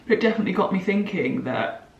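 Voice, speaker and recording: A woman in her twenties chatting through a get-ready-with-me video, gushing and quick to laugh. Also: medium pitch, animated, gravelly, lo-fi sound. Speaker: beauty vlogger. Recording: roomy echo, mic at a distance.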